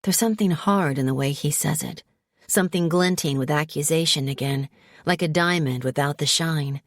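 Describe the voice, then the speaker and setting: A woman narrating a first-person romance audiobook in a soft, measured storytelling way. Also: deep voice, dry recording, studio quality.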